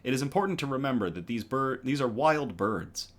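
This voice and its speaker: A man's voice: medium pitch, lively intonation, brisk. A man hosting a casual online news show, reading articles aloud in a conversational way with frequent ums and self-corrections.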